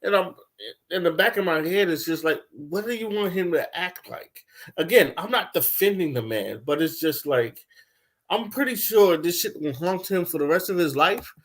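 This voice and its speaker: A young man ranting casually, telling loose, profane stories with lots of laughter and swings between loud bursts and low mumbles. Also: expressive, moderate pace. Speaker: commentator. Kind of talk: casual rant.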